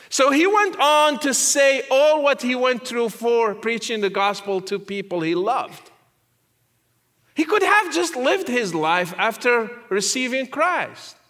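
Guy giving a testimony sermon, bright tone, talks slow and earnest, goes soft and quiet at times. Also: extremely high pitch. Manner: earnest, with repeated phrases, growing soft and quiet near the end. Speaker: guest speaker.

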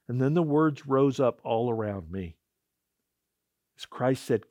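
A man's voice: medium pitch, animated, unhurried, long pauses, no room sound. Male pastor, mid-range voice, dramatic sermon storyteller, dry close sound. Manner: swings from hushed to loud, dramatic storytelling.

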